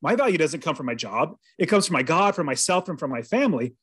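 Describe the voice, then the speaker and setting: Brief: male podcast guest, earnest storyteller, slightly high voice, dry close sound. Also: big pitch swings, quick pace, fairly bright tone, husky, dry recording. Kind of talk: personal storytelling in an interview.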